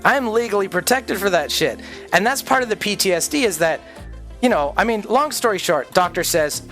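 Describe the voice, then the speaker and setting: A man's voice: high-pitched, expressive, a little fast, a bit bright, soft background music. A man streaming a game, chatting casually in a blunt, profane way and acting out little dialogues. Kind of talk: casual chat while gaming.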